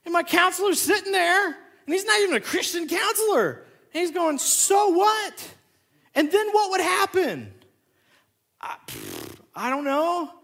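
A man who is a pastor, preaching a sermon and acting out both sides of a conversation in an animated storytelling way. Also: extremely high pitch, normal speed, gravelly.

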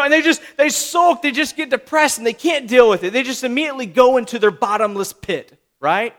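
A man's voice: very high-pitched, brisk, few pauses, a bit bright. A man preaching a sermon in a chatty, conversational way. He keeps tagging on "right?" and acts out short bits of dialogue. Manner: conversational, acts out little voices, frequent "right?".

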